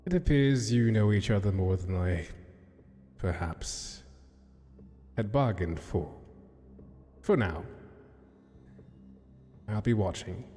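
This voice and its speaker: A man's voice: fairly low pitch, mellow, in a large hall, close to an everyday voice. A man voicing a playful, mysterious male trickster entity with theatrical, old-fashioned phrasing. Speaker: guest game master.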